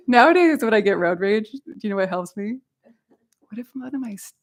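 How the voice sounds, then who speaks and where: A woman's voice: mid-range voice, quick pace. A woman dharma teacher giving a talk with personal stories, candid, laughing often and swearing freely.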